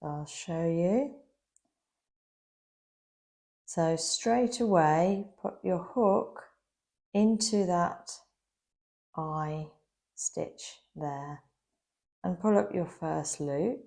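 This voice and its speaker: Speaking in a lowish, darkish voice with vocal fry, a woman gives a patient, slow crochet lesson broken into steps. There's a slight wear to her voice, as if she's losing it somewhat.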